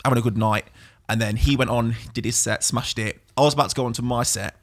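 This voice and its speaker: A man's voice: medium pitch, fast talker. A young man, telling a story as a podcast guest and acting out the quotes. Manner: animated anecdote-telling, acts out quotes. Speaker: guest DJ and producer. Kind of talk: casual storytelling chat.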